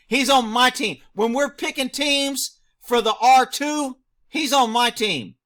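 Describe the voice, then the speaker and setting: A man reacting to a news clip, firing off rhetorical questions, answering them himself and shouting mocking asides. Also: extremely high pitch, slow pace. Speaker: video commentator; former police officer.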